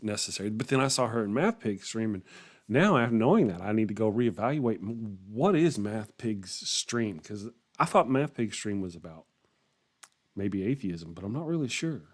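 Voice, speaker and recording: A man hosting a morning livestream, chatting casually with viewers in a rambling way, often chuckling and trailing off. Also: on the low side. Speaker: livestream host. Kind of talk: casual chat reacting to viewer comments.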